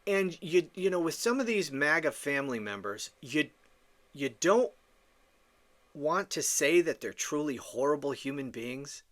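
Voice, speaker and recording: A man's voice: fairly high pitch, expressive, a little slow, fairly bright tone. A man hosting a political podcast, ranting in an indignant, profane monologue with stammering restarts. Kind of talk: opinion monologue.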